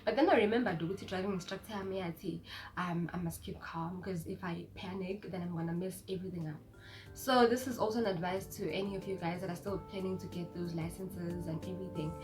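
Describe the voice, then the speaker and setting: A woman's voice: lowish voice, quick pace, faint music behind. A young woman in her twenties with a South African, Zulu-inflected accent, telling a personal story in a casual, chatty vlog and acting out the people in it. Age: 20s. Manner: chatty, animated, code-switching with acted quotes. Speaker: vlogger.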